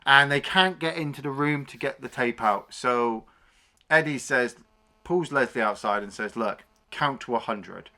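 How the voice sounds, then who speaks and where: On a film review podcast, a man with a bright, forward voice recaps a movie at normal speed. He's casual and animated, swearing freely, and often jumps up in pitch to act out lines from scenes in raised voices.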